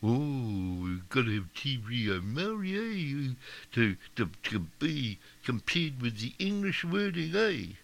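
A man's voice: mid-range voice, big pitch swings, slow, vocal fry, a bit bright, heavily acted. A Scottish man doing a whining caricature of a complainer. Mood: mocking.

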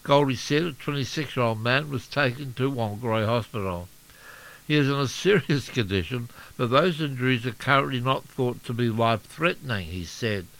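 Male radio newsreader, New Zealand accent, mid-range voice, steady bulletin read. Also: mid-range voice, poor audio. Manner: steady, measured reading with occasional slips. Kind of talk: local radio news bulletin.

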